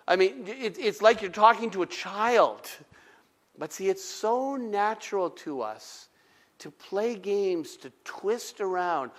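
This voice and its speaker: A man's voice: high-pitched, moderate pace. A middle-aged male pastor preaching a sermon, telling stories with acted-out dialogue and conversational asides. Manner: animated storytelling, acts out dialogue, conversational asides.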